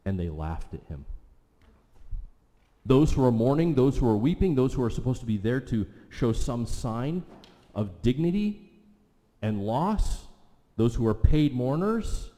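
A man preaching a sermon, retelling a scripture story with vivid asides, slowing down and dropping to a soft voice for emphasis. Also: medium pitch. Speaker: pastor. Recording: long reverb of a large hall.

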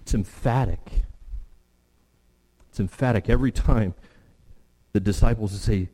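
A pastor giving a sermon, emphatic, acting out the quotes he reads and dropping to a hush for weight. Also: lowish voice, unhurried, pauses often, breathy edge.

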